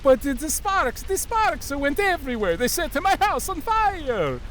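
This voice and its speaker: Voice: high voice, sing-song, measured pace, a bit bright, slight background noise, heavily acted. A performer voicing a panicked old-timey man whose house is burning, talking in a goofy, frantic way.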